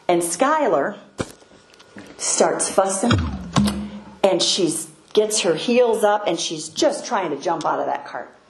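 Slow, unhurried older woman speaking. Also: mid-range voice, a little mellow. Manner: unhurried, hesitant, many pauses. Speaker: speaker sharing a devotional story. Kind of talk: devotional talk. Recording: echoey room, faint ambient noise.

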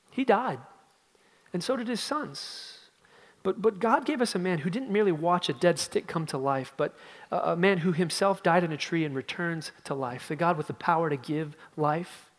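A man preaching a sermon as a pastor, emphatic and dramatic, with his voice swinging from loud outbursts to hushed low passages. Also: in a large hall.

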